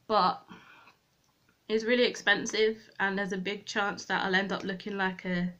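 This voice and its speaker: A young woman with a mid-range voice, sharp tone and flat delivery chats at a moderate pace in her get-ready-with-me beauty vlog. Doing her makeup at a home desk with a mirror, she rambles and teases herself.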